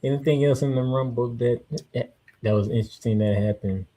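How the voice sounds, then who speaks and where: A man's voice: mid-range voice, brisk, mellow, slight background noise. Man, podcast co-host, easygoing, chuckly, asks questions, mid-range voice. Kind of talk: casual wrestling chat.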